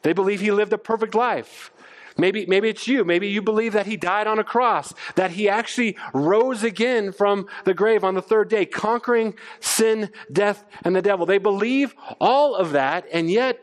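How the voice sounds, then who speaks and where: A middle-aged man preaching a sermon as pastor, animated, often stammering on restarts. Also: high voice, moderate pace. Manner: animated, stammers on restarts, acts out quoted voices.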